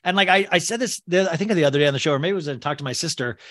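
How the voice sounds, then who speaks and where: Bright-voiced man hosting a podcast. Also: fairly high pitch, rapid-fire, no echo, studio quality. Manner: animated storytelling, playful. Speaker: podcast host. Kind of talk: casual podcast chat.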